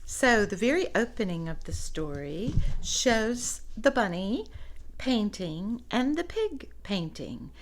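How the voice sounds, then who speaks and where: A woman reading a picture book aloud to children, gently pointing out the pictures and laughing softly. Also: medium pitch, sing-song, takes it slowly, slight background noise.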